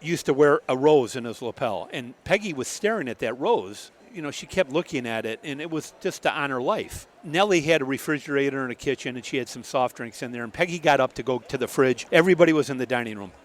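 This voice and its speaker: A man's voice: medium pitch, quick pace, hardly any pauses. A man on a radio talk show, telling a long story and acting out the people he quotes. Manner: lively storyteller, acts out the voices he quotes. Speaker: radio guest.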